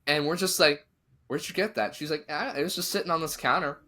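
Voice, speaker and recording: A man's voice: a little high, fairly quick. A man hosting a podcast, telling a spooky story in casual chat and acting out what the people in it said. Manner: animated, acts out quotes of the people in his story.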